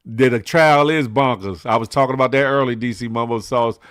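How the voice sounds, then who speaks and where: Animated storytelling man with a dry sound. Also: mid-range voice, brisk, smooth, dry recording. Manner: storytelling, animated quoted voices, laughs often. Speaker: morning show host. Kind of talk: casual livestream chat reading comments.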